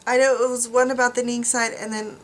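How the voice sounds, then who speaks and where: A fairly high-pitched woman speaks flatly and briskly, a tired, drowsy vlogger chatting casually to camera from her home studio. She rambles to her viewers with lots of ums and restarts.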